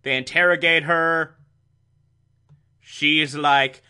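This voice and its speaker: Slow-talking sarcastic man with a bright voice. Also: fairly high pitch, lively intonation. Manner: sarcastic and exasperated recapping. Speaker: TV episode reviewer. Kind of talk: casual review monologue.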